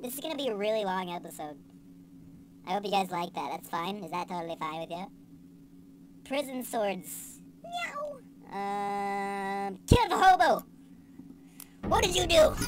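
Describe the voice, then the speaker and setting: A young woman giving casual let's-play commentary, excitable and sarcastic, swearing and yelling at the game. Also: medium pitch, background noise. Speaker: gaming channel host.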